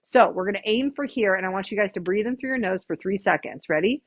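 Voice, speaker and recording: A woman's voice: mid-range voice, fast talker, hardly any pauses, no room sound, highs cut off. A woman chiropractor leading a live stress workshop, chatty and upbeat, counting the group through breathing. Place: small room with a live audience.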